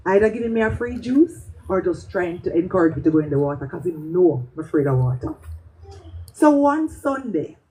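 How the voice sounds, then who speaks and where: A Jamaican woman performs spoken-word poetry with a warm, mellow voice. She tells her story with animation, moving freely between standard English and patois. A faint hiss sits under her voice. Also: on the low side, very animated, fairly quick, low-quality recording. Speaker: poet.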